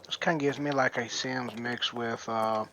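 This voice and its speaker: A man with a Southern US accent speaks in a relaxed, drawling way as a guest on a game stream. His pitch sits in the middle for a man, and his tone is easy and casual. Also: normal speed, a little hiss or hum. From United States. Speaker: guest player. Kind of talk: casual gameplay chat.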